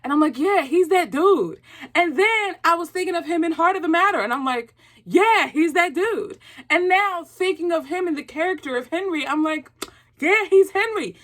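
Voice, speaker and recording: A woman with a high voice hosts her own movie review vlog in a casual, chatty way. She is excitable and turns loud when something thrills her, peppering her talk with slang. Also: moderate pace.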